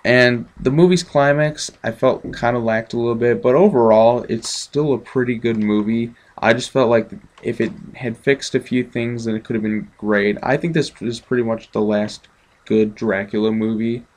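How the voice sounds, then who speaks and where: A man's voice: mid-range voice, fairly even intonation, moderate pace, a little mellow. A man giving a casual, offhand movie review, chatty with many ums.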